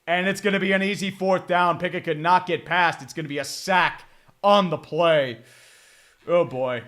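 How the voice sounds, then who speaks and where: A man's voice: high-pitched, steady tone, moderate pace, fairly bright tone. A man streaming live commentary on a game as he watches. He rambles and groans, swears a lot and turns sarcastic when his team plays badly. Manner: exasperated, sarcastic, swears often; rambling, many fillers and repeated groans.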